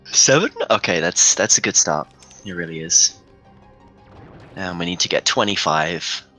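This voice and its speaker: A man's voice: deep voice, measured pace, sharp tone, poor audio. A young man giving casual, joking commentary on a live speedrun and reading out chat as he goes. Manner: joking, rambling, reads chat aloud. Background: faint game music.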